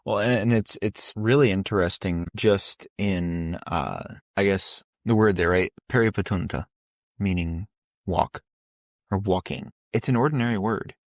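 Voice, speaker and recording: A man's voice: sits low, a little slow, no echo, studio quality. A man co-hosting a podcast, chatting casually about a Bible passage and often chiming in to agree. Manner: agreeable, many short affirmations. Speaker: podcast co-host.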